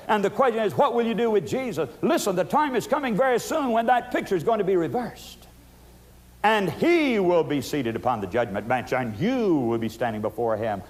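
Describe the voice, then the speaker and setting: A man in his sixties preaches with dynamic force, his fairly high voice rising into urgent, pleading questions and dropping to a near-hush. He keeps calling his listeners "friends" and presses them hard for an answer. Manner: dynamic, dramatic swings from loud pleading to hushed intensity. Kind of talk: evangelistic sermon.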